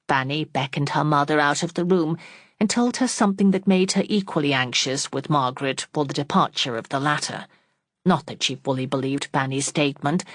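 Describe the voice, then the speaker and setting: A woman narrating a classic novel as an audiobook in a steady, even reading style. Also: low voice, no room sound, studio quality. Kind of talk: scripted narration.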